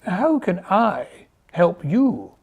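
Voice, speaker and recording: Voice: medium pitch, big pitch swings, extremely slow, vocal fry, a little mellow, breathy edge, muffled recording, exaggerated voice. A reader voicing a vain, grand male peacock who speaks with lofty condescension, in a storybook reading.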